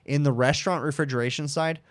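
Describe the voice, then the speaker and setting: A man's voice: on the high side, fairly even intonation, fast. A man in his thirties, an HVAC technician hosting a casual livestream Q and A, answering viewer questions in a frank, chatty way. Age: 30s. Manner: frank, chatty, addresses viewers as dude and bud.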